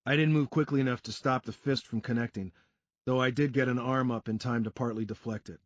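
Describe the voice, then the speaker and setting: A man reading a first-person crime story aloud in a steady storytelling delivery. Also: mid-range voice, a little fast, no echo, dull audio. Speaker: audiobook narrator. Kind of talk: first-person scripted narration.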